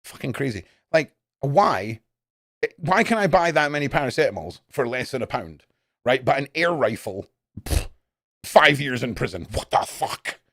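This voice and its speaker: A young man chatting casually and profanely on a live stream, jumping between loud outbursts and low mutters. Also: very animated, moderate pace, dry recording, studio quality. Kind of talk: casual rambling stream chat.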